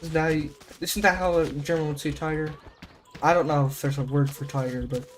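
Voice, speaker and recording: A young American man talks his way through a live stream, musing aloud and stumbling over foreign words. His voice sits a bit high for a man, and a faint hum of room noise lies under it. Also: steady tone, moderate pace. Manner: rambling, self-questioning, trying out German words. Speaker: game streamer. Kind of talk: casual live-stream chat.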